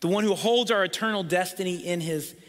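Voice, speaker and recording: Pastor, male, bright forceful delivery, slightly high voice, long church reverb. Emphatic sermon style. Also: fairly quick. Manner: emphatic, repeats for emphasis, drops to near whisper.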